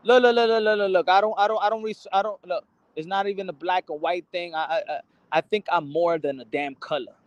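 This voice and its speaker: A man's voice: high voice, fairly even intonation, a little fast, no room sound, muffled recording. A man hosting a boxing channel, ranting casually to the camera, cursing often, stumbling over and repeating his words, and slipping into Spanish phrases. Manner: rambling and profane, stammers and repeats words.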